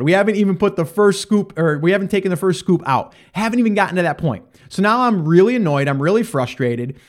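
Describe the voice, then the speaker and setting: A man hosting a podcast, talking in a high-pitched voice as he tells a story off the cuff. He is animated, acting out both sides of conversations and often restarting his sentences. The delivery is loose and conversational, with plenty of fillers. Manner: animated, acts out quoted exchanges. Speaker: podcast host. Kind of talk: casual storytelling monologue.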